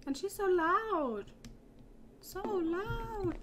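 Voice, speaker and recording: A woman's voice: very high-pitched, lively intonation, extremely slow, background noise. A woman playing a horror game and commenting, nervous and jumpy, laughing and squealing repeated panicked no's over the game music. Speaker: let's play gamer.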